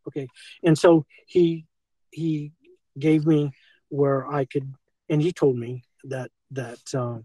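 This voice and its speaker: Older American man, husky voice, rambling, filler-heavy; dry handheld-phone sound. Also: fairly high pitch, level tone, takes it slowly, dark tone, no echo, low-quality recording. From United States. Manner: rambling, keeps saying "okay" and "and so forth". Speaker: former school teacher being confronted. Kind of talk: rambling confrontation talk. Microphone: filmed on a handheld phone.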